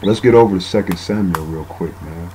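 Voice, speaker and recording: A man's voice: low-pitched, brisk, noisy background. A man giving a casual, rambling bible teaching, often saying "man" and using fillers.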